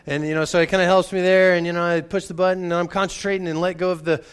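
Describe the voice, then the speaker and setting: A man's voice: sits high, level tone, fast, clean tone. A man who is a pastor, preaching in a conversational way and often repeating words as he restarts. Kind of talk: sermon with a personal story.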